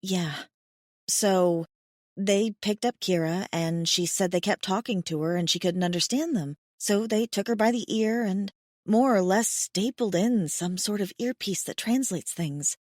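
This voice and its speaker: A woman's voice: medium pitch, measured pace, darkish tone, no room sound, studio quality, close to an everyday voice. A woman reading the part of a blunt, wry young farm-raised woman in an audiobook, frank and darkly joking. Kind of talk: audiobook character voice.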